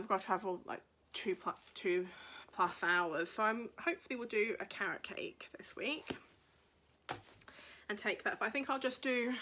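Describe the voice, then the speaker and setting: A woman's voice: mid-range voice, a bit bright, a little hiss or hum. A woman chatting casually as a craft podcast host, rambling and thinking aloud as she leafs through a book, dropping to a murmur now and then. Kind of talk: casual chat.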